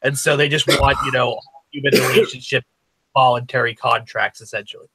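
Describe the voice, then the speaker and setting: A man's voice: medium pitch, steady tone, brisk, sharp tone, a little hiss or hum, low-quality recording. A man in a casual group voice chat who explains ideas with many fillers. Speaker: chat participant.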